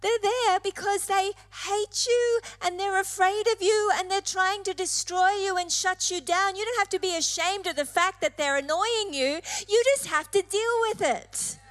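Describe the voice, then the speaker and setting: High-voiced woman preaching a sermon. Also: normal speed, few pauses, fairly bright tone. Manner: emphatic, repeating phrases for effect.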